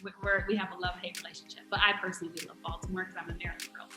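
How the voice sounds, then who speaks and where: A woman from the DC area giving an animated, emphatic sports breakdown in casual talk. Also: fairly low pitch, racing, roomy sound, over music, rough recording. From DMV area, US. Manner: animated, emphatic, laughs often. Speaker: guest sports analyst.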